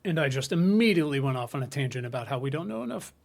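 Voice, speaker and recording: A man's voice: mid-range voice, expressive, racing, creaky. A middle-aged man co-hosting a podcast in casual chat, telling stories animatedly, swearing freely and acting out quotes. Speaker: podcast co-host.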